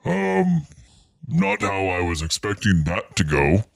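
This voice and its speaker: A man voicing a big, gruff male giant clan chief in a tabletop game, with grudging, halting speech. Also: sits low, huge pitch swings, no echo, studio quality, pitched below the performer's own voice, heavily acted. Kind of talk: tabletop role-play voice.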